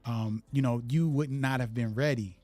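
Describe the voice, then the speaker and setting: A man's voice: medium pitch, moderate pace, a little mellow, no echo. A man hosting an interview, casual and affirming, drawing out his guest. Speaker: podcast host.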